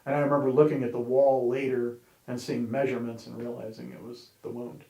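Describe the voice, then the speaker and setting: A man's voice: mid-range voice, little pitch movement, fairly quick, vocal fry, dark tone. A man sharing his personal testimony in a candid, conversational way, with wry humor and plenty of "you know"s. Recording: roomy echo.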